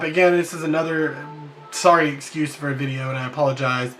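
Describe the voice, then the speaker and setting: A man's voice: on the high side, brisk, a bit bright, faint music behind. A man, rambling casually in a daily vlog, self-deprecating and full of fillers. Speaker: vlogger. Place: at his workplace in the evening.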